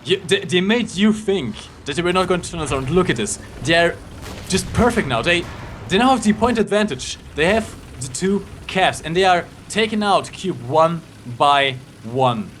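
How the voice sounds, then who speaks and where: A man's voice: high-pitched, lively intonation, normal speed, fairly bright tone, slight background noise. A man casting a live tank match, confident and playful, talking straight to the viewers. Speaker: esports caster.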